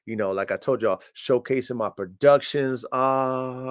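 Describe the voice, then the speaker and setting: A swaggering, boastful male dog breeder hosts a livestream, giving a casual monologue through a streaming mic at a measured pace with hardly any pauses. He's profane, and his pitch jumps up when he gets hyped.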